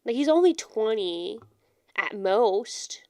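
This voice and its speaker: A woman's voice: fairly high pitch, lively intonation, takes it slowly, dark tone, dry recording, studio quality. A young woman co-hosting a casual book-club podcast, talking animatedly and acting out characters' lines in playful voices. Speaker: podcast co-host.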